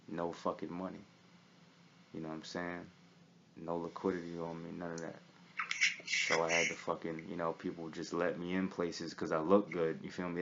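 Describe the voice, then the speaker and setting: A man's voice: sits low, a bit bright. A young man telling a story in a casual, streetwise way, swearing freely and often checking in with his listener. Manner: profane, streetwise, keeps asking "you feel me". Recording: slightly dull recording with faint hiss.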